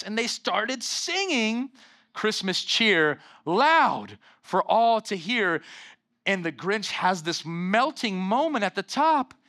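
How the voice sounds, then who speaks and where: A man's voice: on the high side, fairly bright tone. Man preaching an emphatic sermon. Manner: emphatic preaching, calls out to the congregation. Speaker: pastor.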